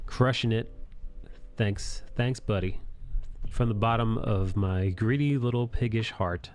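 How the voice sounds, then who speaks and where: Low-voiced man rambling on a live stream. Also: unhurried, darkish tone. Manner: rambling, jokey, thanks donors. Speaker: streamer host. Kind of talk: casual live-stream chat.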